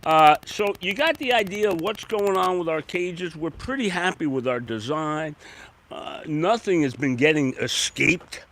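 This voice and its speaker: A man's voice: fairly high pitch, expressive, measured pace, fairly bright tone, slight background noise, poor audio. A man hosting a casual live stream about his oyster farm, talking in an exuberant, rambling way with many restarts.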